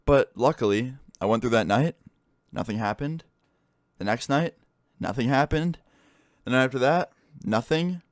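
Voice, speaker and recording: A man's voice: medium pitch, normal speed, pauses often, no room sound, studio quality. A young man casually telling a storytime tale to his viewers, swearing a lot and filling his talk with "like.". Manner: swears freely, full of "like" fillers. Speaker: YouTube storyteller.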